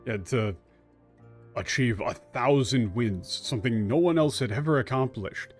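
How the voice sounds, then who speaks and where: A man in a mid-range voice chatting over a game stream, breaking down the translation as he plays. He talks animatedly, bursting into excitement and tossing out blunt, sarcastic jabs. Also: medium pitch, unhurried, soft background music. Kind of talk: casual gameplay commentary.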